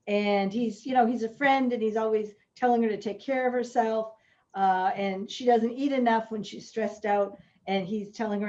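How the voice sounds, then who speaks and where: A woman novelist talking about her mystery book, then reading a passage aloud with lively quoted dialogue. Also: medium pitch. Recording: dull lo-fi audio.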